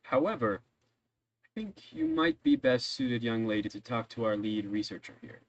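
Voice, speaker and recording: A man's voice: medium pitch, wildly swooping pitch, moderate pace, muffled recording. A man voicing a polite, fussy older male librarian with old-fashioned formal manners in a tabletop game. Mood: helpful.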